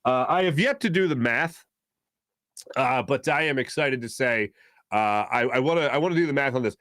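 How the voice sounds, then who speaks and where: Animated sports-talk host with a dry sound. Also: male voice, medium pitch, dry recording. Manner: animated, rambling, quick bursts with fillers. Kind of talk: casual sports talk with live ad reads.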